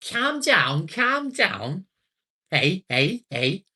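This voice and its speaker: A man putting on a loud stereotyped Liverpool man, shouting in a high mock voice with a Scouse accent. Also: sing-song, drawn-out words, breathy edge, full character voice.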